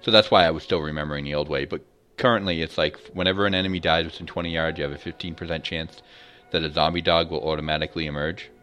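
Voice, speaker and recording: Male co-host, very low voice, easygoing explainer. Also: steady tone, quick pace, pushed and bright. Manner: easygoing, explains game mechanics at length. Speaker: podcast co-host. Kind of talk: casual gaming podcast chat.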